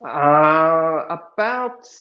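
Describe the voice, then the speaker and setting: A man's voice: on the high side, animated, drawn-out words. A man from Australia, a guest on a video call, giving brief, easygoing replies. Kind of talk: interview answers over video call. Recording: roomy, dull video call audio.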